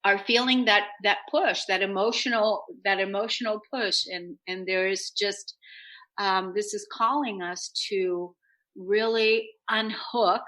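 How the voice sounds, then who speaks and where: A woman's voice: mid-range voice, fairly even intonation, unhurried, pushed and bright, rough recording. A woman hosting a talk radio show, speaking in an upbeat, earnest way in long flowing sentences about self-help.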